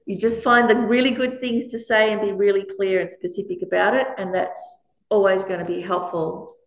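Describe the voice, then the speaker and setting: A woman leading a workshop for a small group, lively and laughing often as she acts out quoted lines. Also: medium pitch, normal speed. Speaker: workshop leader. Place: meditation centre room. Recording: echoey room, dull lo-fi sound.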